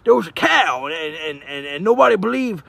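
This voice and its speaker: A man's voice: on the high side, sing-song, a little fast, creaky, fairly bright tone, dry recording. A man doing an absurd rambling comedy monologue, hollering and drawing out words between lots of fillers.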